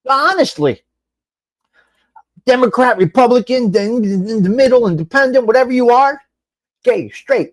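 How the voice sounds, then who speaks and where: A high-voiced, middle-aged man rambles through a casual live chat on a webcam mic. His pitch swings widely as he calls out viewers by name and drops the odd curse. The sound is dry and close. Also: moderate pace, pauses often, dry recording. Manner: animated, rambling, swears, addresses chat by name. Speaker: live show host.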